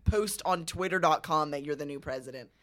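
Woman cohost on a podcast, dry deadpan one-liners, just chatting. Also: low voice, brisk. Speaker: podcast co-host. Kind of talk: casual chat.

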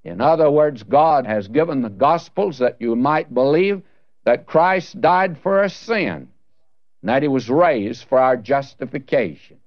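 An earnest man preaching a Bible sermon, talking straight to the listener in a folksy way and posing rhetorical questions. His voice sits at a middle pitch. The recording is dry and somewhat dull, with the top end muffled. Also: lively intonation, measured pace, dry recording. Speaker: Bible teacher.

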